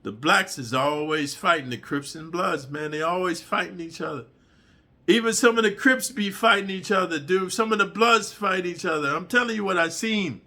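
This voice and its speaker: A middle-aged man tells a prison story in a bright, forceful voice that sits a little high. He talks in animated, profane street slang. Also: normal speed. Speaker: channel host telling prison stories. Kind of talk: storytelling monologue.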